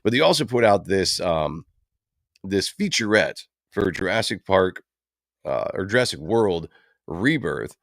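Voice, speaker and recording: A man with a deep, sing-song voice and some vocal fry speaks at a measured pace, recorded clean and echo-free in a studio. He's hosting a livestream, rambling at length with plenty of fillers as he casually comments on comic book films.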